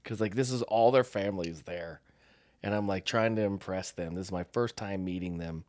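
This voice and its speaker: This middle-aged US podcast co-host has a deep voice and a moderate pace, recorded dry at studio quality. In casual conversation he animatedly tells a story, acting out the voices and quotes of its characters.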